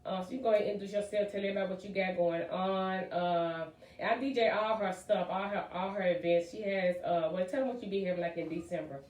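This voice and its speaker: A woman hosting a casual talk show, chatty and excitable with lots of fillers. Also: mid-range voice, quick pace, hardly any pauses, recorded from a distance. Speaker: podcast host. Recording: echoey room, voice off-mic.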